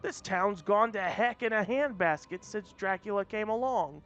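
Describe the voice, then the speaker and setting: A man voicing a gruff, rock-skinned male brawler hero in a storybook reading, with a growling drawl. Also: sits high, normal speed, a bit bright. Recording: dull lo-fi audio, faint music.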